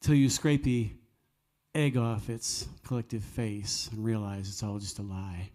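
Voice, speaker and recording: A man's voice: fairly low pitch, fairly even intonation, unhurried, a little mellow. A man, hosting a live cafe music night, telling stories earnestly and preaching with jokey asides. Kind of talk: folksy storytelling with preaching.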